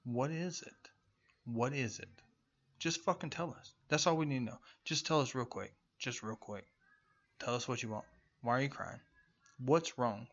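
A man's voice: medium pitch, a bit bright. Profane, mocking man ranting. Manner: profane, mocking, rhetorical questions. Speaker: political commentator. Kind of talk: angry political rant. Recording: muffled lo-fi recording.

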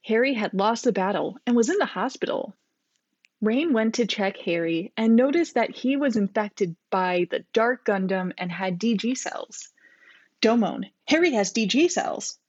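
A woman's voice: medium pitch, expressive, moderate pace, darkish tone, no echo. A woman co-hosting a podcast, reading her childhood fanfiction aloud and laughing at her own writing. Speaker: podcast co-host. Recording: dull lo-fi recording.

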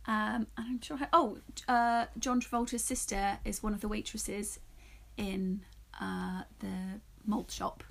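A woman's voice: mid-range voice, level tone, slow, vocal fry, a bit bright. A woman co-hosting a casual film podcast, teasing and laughing often. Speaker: podcast co-host. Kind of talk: casual chat film review.

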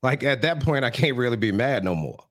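A man's voice: medium pitch, lively intonation, brisk, a bit bright, no room sound, studio quality. A man co-hosting a casual podcast, reacting with blunt, laid-back comments and casual swearing. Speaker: podcast co-host. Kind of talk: casual chat.

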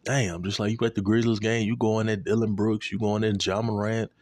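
A man in a casual, profane sports rant, animated and repeating himself, aimed at a commentator. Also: fairly low pitch, a little fast, no echo.

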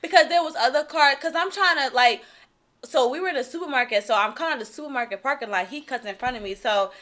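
A young woman co-hosting a casual podcast, telling a story with lots of energy, acting out quotes with shouts and laughter. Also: high-pitched, fast talker. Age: young adult. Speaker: podcast co-host.

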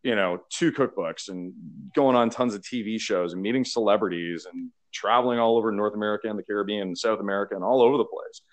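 A man from Canada telling stories in casual chat, animated and laughing as he acts out quotes. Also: on the low side, fast, few pauses. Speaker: beverage marketer.

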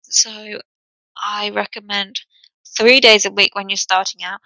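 A woman's voice: medium pitch, steady tone, moderate pace, pushed and bright, dry recording, rough recording. A young woman hosting a solo podcast, rambling and self-deprecating as she loses her train of thought. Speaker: podcast host.

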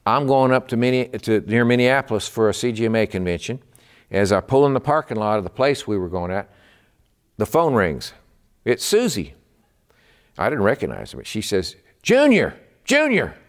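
A pastor from Texas delivers a midweek sermon in a lowish voice, pressing his points with fervent emphasis. He preaches with earnest conviction and drive, his intonation lively and his pace moderate.

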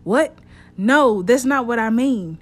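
A woman's voice: deep voice, animated, unhurried, warm tone, voice pushed down. A woman voicing an agitated young man in a hospital bed, talking shaken and defensive.

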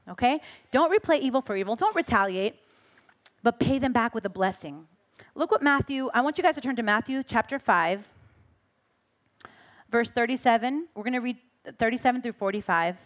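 A woman preaching a sermon, telling a personal story with lively acted-out voices and laughing at herself. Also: on the high side, normal speed.

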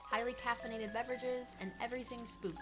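A woman's voice: on the high side, fairly even intonation, fast, loud music behind the voice. A woman in her twenties from northern Minnesota with a Minnesotan accent, co-hosting a podcast in casual, giggly chat with her best friend. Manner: giggly, playful, jumps between whispers and loud bursts. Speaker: podcast co-host.

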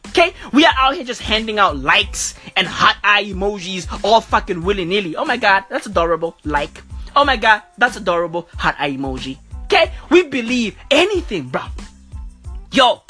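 Woman comic ranting with lots of swearing, lively, bright and husky. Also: mid-range voice. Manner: profane, repeating bruv and okay. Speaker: comedian vlogger. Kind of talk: profane comic rant.

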